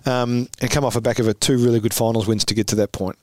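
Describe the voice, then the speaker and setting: A man with an Australian accent, a podcast guest telling lively anecdotes and laughing often. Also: medium pitch, quick pace, no echo. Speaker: podcast guest, former footballer. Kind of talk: animated storytelling chat.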